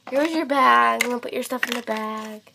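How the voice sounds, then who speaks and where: A woman's voice: fairly high pitch, brisk, creaky, background noise. A young female playing a breezy vet who hands out medicine in an offhand way. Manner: offhand, matter-of-fact.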